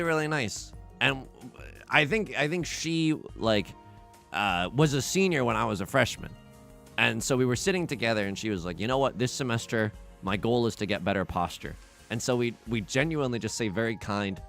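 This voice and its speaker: A man's voice: medium pitch, vocal fry, fairly bright tone. A young man streaming, chatting casually and rambling with self-mocking jokes while he plays. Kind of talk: casual livestream chat while playing. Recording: faint music behind.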